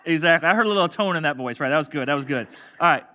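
A man pastoring a congregation preaches at a racing clip, his voice bright and a touch high, keeping things conversational and jokey. Inside the church sanctuary, he guides the crowd through call-and-response lines with a relaxed, friendly manner.

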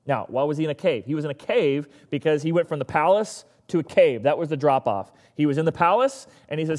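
A man's voice: a little high, lively intonation, fast, few pauses, darkish tone. Man preaching in an echoing hall. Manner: conversational preaching, acting out voices of people. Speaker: pastor. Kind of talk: sermon.

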